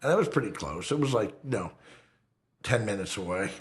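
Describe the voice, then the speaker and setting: A man's voice: on the low side, animated, brisk. A man telling a wild story from his past in casual, profane street talk, often checking in with "right?". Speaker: documentary interviewee. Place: fireside.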